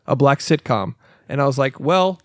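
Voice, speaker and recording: A man's voice: a little high, fairly quick, dry recording, studio quality. A man co-hosting a film podcast in rambling, profane, laugh-filled casual chat. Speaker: podcast co-host.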